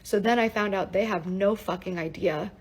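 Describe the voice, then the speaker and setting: Young woman, husky voice, casual storytime vlog, emotional, shaken, fast swearing chatter. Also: medium pitch, poor audio. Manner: fast, breathless, heavy use of "like" and swearing. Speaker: storyteller recounting a personal event.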